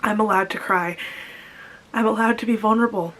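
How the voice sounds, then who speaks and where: A young woman vlogging about her grief, speaking while crying, halting and repeating herself. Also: medium pitch, steady tone, fairly bright tone, rough recording. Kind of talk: personal confessional vlog.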